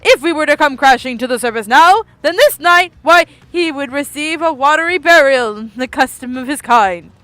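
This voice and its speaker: Woman doing a pompous high fishy knight. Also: animated, normal speed, hardly any pauses, a bit bright, no echo. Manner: grand, self-referring, speaks of himself as this knight. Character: pompous male fish-like knight, grandly formal. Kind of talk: reading game dialogue aloud.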